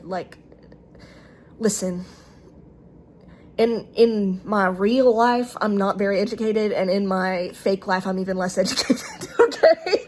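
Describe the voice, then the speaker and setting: A woman with a Southern US accent rambles to her own camera in a loose, hesitant monologue that keeps stalling and starting over. Her pitch sits in the middle of the range. A faint noise hums behind her. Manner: hesitant, halting, full of fillers and restarts. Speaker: vlogger speaking to camera. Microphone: camera recording herself.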